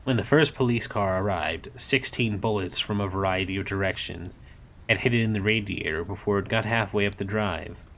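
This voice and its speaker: A man casually reading a novel aloud on a stream, relaxed and sometimes correcting himself. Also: lowish voice, normal speed, slight background noise. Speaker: story reader.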